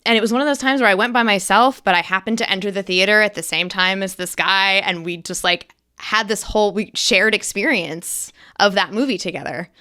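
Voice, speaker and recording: A woman's voice: medium pitch, a little fast, hardly any pauses, bright, forceful tone, clean tone. A woman actress talking as an interview guest in casual, enthusiastic, emphatic chat. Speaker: guest actress and accent coach.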